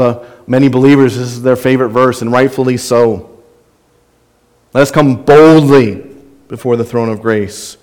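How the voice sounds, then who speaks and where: A man's voice: mid-range voice, darkish tone, in a large hall. A man preaching a sermon as a pastor, earnest and conversational, often repeating phrases for emphasis.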